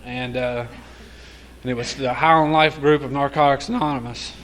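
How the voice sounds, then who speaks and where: A man's voice: medium pitch, fairly even intonation, moderate pace, a bit bright, a little hiss or hum. A man sharing his recovery story in casual, profane storytelling, often laughing as he talks.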